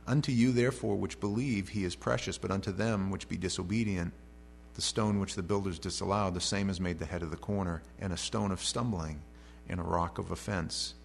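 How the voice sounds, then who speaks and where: Pastor preaching with a low hum. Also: male voice, fairly even intonation, a little fast, vocal fry, few pauses. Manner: reads scripture aloud, then paraphrases in casual modern speech. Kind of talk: expository sermon. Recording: faint mains hum.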